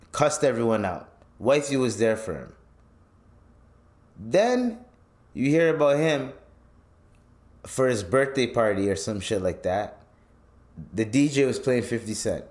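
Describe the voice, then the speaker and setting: With a medium-pitched voice, a measured pace and long pauses, a Canadian man hosts a podcast. His casual commentary comes as an animated, swear-filled rant in which he performs the quotes of the people in his stories.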